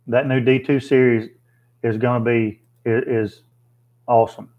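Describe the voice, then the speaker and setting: A man's voice: mid-range voice, level tone, a little slow, narrow, tinny audio. Folksy man on a livestream. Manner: folksy, plainspoken, thinks aloud with fillers. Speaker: livestream host. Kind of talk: casual live chat reading viewer comments.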